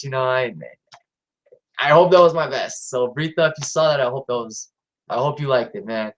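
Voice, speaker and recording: A man's voice: medium pitch, normal speed, low-quality recording. Rambling man hosting a live stream. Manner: rambling, lots of fillers and restarts. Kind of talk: casual live stream chat.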